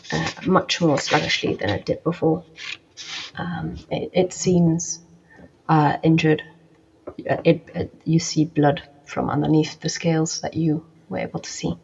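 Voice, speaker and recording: A woman's voice: fairly low pitch, vocal fry, darkish tone, lo-fi sound, a little hiss or hum. A woman narrating as game master of a tabletop game, hesitant and full of fillers.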